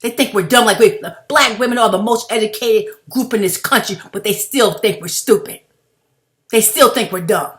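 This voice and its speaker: A woman's voice: on the high side, normal speed. A woman delivering a heated, blunt, profane commentary rant straight to her viewers, calling them family. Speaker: video blogger.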